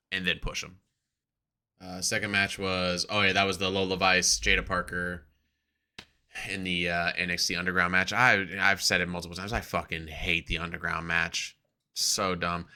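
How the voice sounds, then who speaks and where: An excitable man co-hosting a casual podcast. His voice sits low yet comes across sharp and tense, and he swears freely as he tells his stories. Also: moderate pace, clean tone. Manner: excitable, profane, acts out quotes. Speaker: podcast co-host. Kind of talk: casual wrestling podcast chat.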